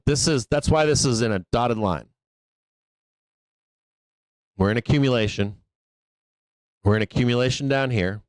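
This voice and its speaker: Speaking in a mid-range voice with no echo, a man hosts a live stock trading stream, swearing casually, laughing a lot and fielding viewer questions he imagines himself.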